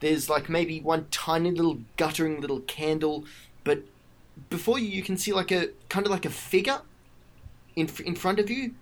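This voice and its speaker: A man serving as game master for a tabletop game narrates at a moderate pace in a slightly high voice. He hesitates often, restarting sentences and using lots of fillers.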